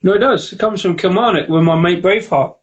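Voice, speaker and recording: A man with a high voice talks at a quick pace in a muffled recording from a home setup on a live video stream. He co-hosts a beer review livestream, joking and bantering, reading out viewer comments, and describing the beers in a casual tasting chat.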